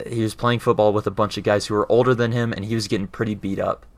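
A man's voice: lowish voice, flat delivery, fast talker, no room sound. A man in casual explanatory talk, earnest, often checking in with his listener as he explains. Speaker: speaker explaining faith.

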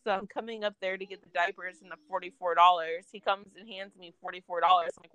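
A young woman vents her way through a story in relaxed conversation, full of filler words and blunt swearing. Her voice sits in a middle pitch. The sound is dry and close, with no room around it. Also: brisk, clean tone, dry recording. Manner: animated venting, heavy filler words, swearing. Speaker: storyteller in a casual chat. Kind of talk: casual chat.

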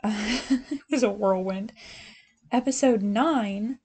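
A young woman with a medium-pitched, slow, slightly mellow and husky voice co-hosts a podcast. She chats casually and animatedly while recapping a TV series, laughing often.

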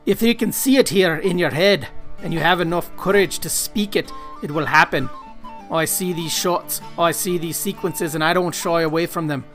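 A cocky Irish fighter boasts in a thick, over-the-top put-on brogue, performed by a man with a jokey, deliberately rough accent. The voice sits somewhat high and carries a self-mocking edge. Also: a bit bright, soft background music, lightly acted. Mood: boastful.

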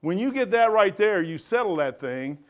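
A man's voice: high voice, very animated, normal speed. A male pastor teaching a Bible study, preaching emphatically with folksy stories.

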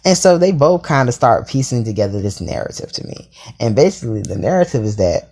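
A man telling a story in a casual, sassy and profane way, with dramatic asides and sudden jumps into a high voice. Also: very animated, brisk, gravelly, dark tone, breathy edge.

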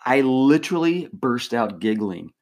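Animated man telling a story with laughs. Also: mid-range voice, a little slow. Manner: animated, laughing, many fillers and restarts. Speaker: former team mascot, podcast co-host. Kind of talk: casual storytelling chat.

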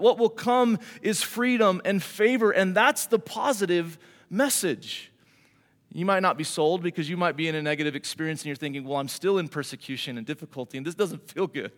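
A man preaching a sermon in a conversational way, asking the congregation rhetorical questions and calling for an amen. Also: sits high. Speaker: pastor. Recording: hall reverb.

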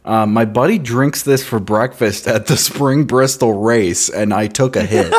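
A podcast co-host in casual chat, reading reviews aloud with a wry, sarcastic manner. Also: male voice, lowish voice, measured pace, husky.

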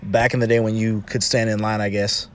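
A man's voice: on the low side, level tone, a little fast, a little hiss or hum. A man talking through casual advice in a loose, rambling way, often adding "you know" and restarting his sentences.

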